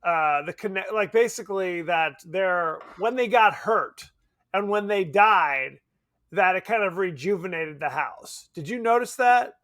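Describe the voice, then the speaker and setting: A man co-hosting a podcast in casual chat, animated, laughing often and swearing casually. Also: high voice, measured pace. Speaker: podcast co-host. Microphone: remote podcast mic.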